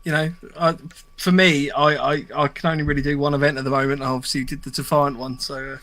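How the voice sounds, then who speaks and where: A man's voice: a little high, little pitch movement, fast, sharp tone, dry recording. A man hosting a podcast, chatting casually and then wrapping up the show with contact details. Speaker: podcast host. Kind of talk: casual chat and show sign-off.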